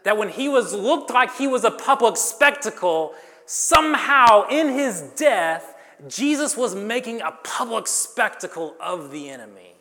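A man preaching a sermon, dramatic, swinging between loud and hushed lines and joking with the congregation. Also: high voice, animated, a little slow. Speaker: pastor. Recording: long reverb of a large hall.

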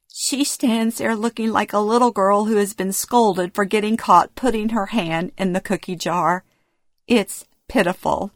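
A woman's voice: medium pitch, steady tone, measured pace, no room sound, studio quality. A middle-aged woman reading her own memoir aloud, telling it in the present tense and acting out the dialogue with feeling. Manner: present-tense storytelling, emotional acted dialogue. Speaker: memoir narrator. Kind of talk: first-person memoir reading.

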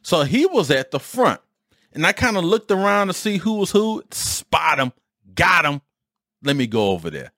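Animated storytelling man, dry sound. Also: a little high, moderate pace, no echo. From Detroit, USA. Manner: animated, streetwise, swears mildly. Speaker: podcast host. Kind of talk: casual storytelling.

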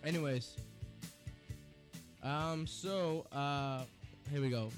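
Young male college radio host, slightly high voice, rambling banter in a studio, music under. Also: very slow. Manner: rambling, joking, goads his co-host loudly. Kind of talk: loose banter and singing on air.

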